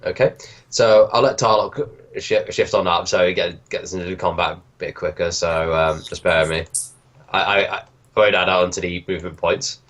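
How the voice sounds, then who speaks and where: A man running a tabletop game as game master, talking haltingly and easygoing. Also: low-pitched, steady tone, a bit bright. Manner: halting, lots of fillers, easygoing.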